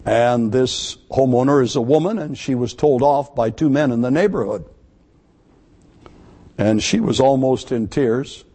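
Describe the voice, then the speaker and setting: A man preaching a sermon to his congregation, emphatic, repeating key words and slowing down to stress them. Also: medium pitch, mellow, breathy edge. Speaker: pastor.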